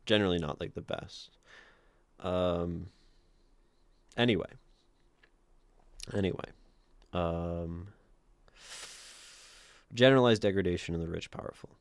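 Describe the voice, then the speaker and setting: A man with a very deep voice reads aloud and comments on a livestream, wandering through his thoughts with lots of "like" and "um", correcting himself and laughing as he goes. The sound is close and dry, with no room around it. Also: unhurried, pauses often, dry recording. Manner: rambling, thinking aloud, many fillers and self-corrections; laughs often mid-sentence. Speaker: livestream host reading viewer submissions.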